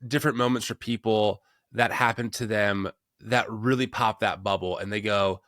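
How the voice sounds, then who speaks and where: A man's voice: on the low side, fairly even intonation, moderate pace, a bit bright, no room sound, studio quality. A man hosting a podcast interview who asks questions reflectively, thinking aloud with restarts. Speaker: podcast host. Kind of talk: conversational interview.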